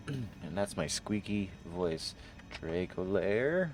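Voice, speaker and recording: A man's voice: low-pitched, very animated, extremely slow, noisy background. A man streaming a game live, joking with his chat, swearing at misses and reading item text aloud. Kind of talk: live gameplay commentary.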